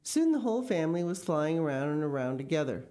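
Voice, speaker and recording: A woman's voice: low voice, very animated, quick pace, dark tone. A woman reading a children's story aloud expressively, with casual asides. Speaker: story reader.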